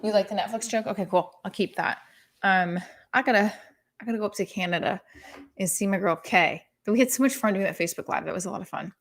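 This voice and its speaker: A woman's voice: mid-range voice, fast, gravelly. A woman comedian hosting a casual live stream who rambles, swears freely and mocks herself. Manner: rambling, profane, self-deprecating.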